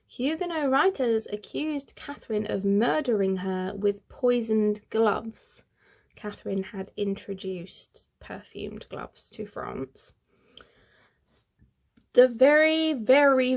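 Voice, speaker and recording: Chatty woman with a gravelly voice. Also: fairly high pitch, darkish tone. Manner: chatty, with playful asides. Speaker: history YouTuber. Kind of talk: casual history storytelling.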